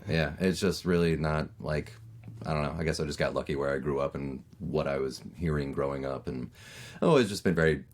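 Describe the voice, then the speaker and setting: A man in his thirties from Maryland with a neutral American accent, chatting casually as a voice actor guest on a podcast, with lots of fillers and lively storytelling. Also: extremely low pitch, fairly quick. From Maryland, USA. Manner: chatty, lots of fillers, animated when telling stories.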